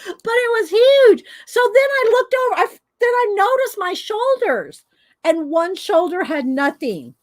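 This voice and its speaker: A woman's voice: extremely high pitch, very animated, measured pace. A woman hosting a coloring video, casually telling rambling stories to her viewers with fillers and laughs. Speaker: adult coloring video host.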